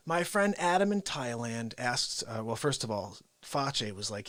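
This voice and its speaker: A man hosting a live, unscripted daily variety stream, excitable and laughing, shouting out greetings to viewers. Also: mid-range voice, normal speed, hardly any pauses, no room sound.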